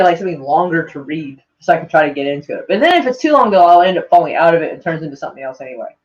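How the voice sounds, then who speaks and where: A man live-streaming in a loose, meandering chat, heavy on "like" and freely swearing, with a mild speech impediment. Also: high voice. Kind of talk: casual rambling stream chat. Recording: dull lo-fi home stream audio.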